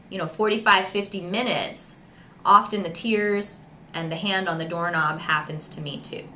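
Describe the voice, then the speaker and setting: A middle-aged woman doctor giving calm, practical advice to other physicians in an instructional talk. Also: fairly low pitch, slight background noise. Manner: calm, practical, uses quoted example phrases. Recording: echoey room with faint ambience.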